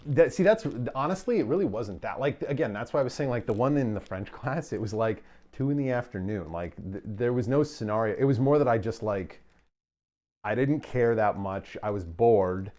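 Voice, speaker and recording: A man with a low voice chats loosely during a livestream, wandering through self-deprecating stories with plenty of "like" and "uh". Soft game music sits underneath him. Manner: rambling, self-deprecating storytelling with frequent fillers. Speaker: streamer playing a speedrun. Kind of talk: casual chat during a livestream.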